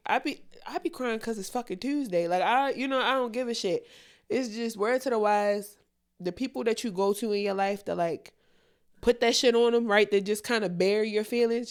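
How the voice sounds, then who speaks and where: A woman's voice: mid-range voice, clean tone. A young adult woman co-hosting a podcast, talking bluntly and candidly with a lot of profanity. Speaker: podcast co-host. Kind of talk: candid casual chat.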